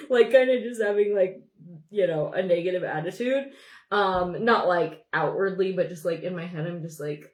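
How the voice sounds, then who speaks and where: A woman's voice: on the low side, fairly quick, reverberant. A young woman from Montana chatting casually on a makeup livestream, rambling and greeting viewers by name. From Montana, USA. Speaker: beauty livestream host. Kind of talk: casual livestream chat while doing makeup.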